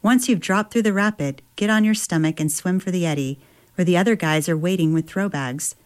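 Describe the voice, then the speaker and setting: A woman reading the lines of an easygoing adult male river guide, giving casual instructions in a slightly low voice. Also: a little fast, close to an everyday voice. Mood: instructive.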